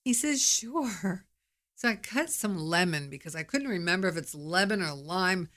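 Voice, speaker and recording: Speaking a little quickly in a fairly low, expressive voice, a middle-aged woman chats candidly on her own podcast. Her tone is a bit bright as she spins a storytelling monologue.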